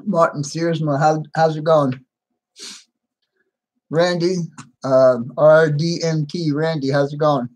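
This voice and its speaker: A man's voice: a little high, steady tone, takes it slowly, long pauses, darkish tone, low-quality recording. A middle-aged man from the United States hosting a live stream, chatting casually and greeting each viewer by name with frequent laughs.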